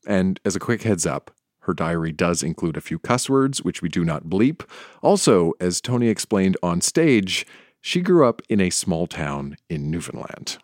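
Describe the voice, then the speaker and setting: A man hosting and narrating a storytelling show in a lively, scripted delivery. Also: low voice, dry recording, clean studio sound. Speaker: host. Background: background music.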